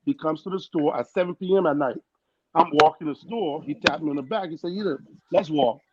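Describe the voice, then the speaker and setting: A young man with a foreign accent tells his story on a podcast, earnest and animated, acting out the people he quotes. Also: fairly high pitch, brisk. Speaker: guest. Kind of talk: casual storytelling. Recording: dull lo-fi sound with loud noise.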